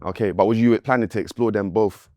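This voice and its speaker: A man's voice: fairly low pitch, fast, no room sound, studio quality. A man hosting a chat as a mock judge, teasing his guests and calling for order. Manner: teasing, dramatic shouts of order. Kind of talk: playful mock-courtroom chat.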